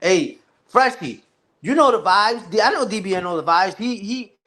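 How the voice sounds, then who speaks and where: A man from New with a fairly high voice chats off the cuff with a live stream audience. His talk is loose and slang-heavy, and he restarts his sentences often as he swears his way through stories. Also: lively intonation, moderate pace, pushed and bright. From New York. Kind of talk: casual chat with a live audience.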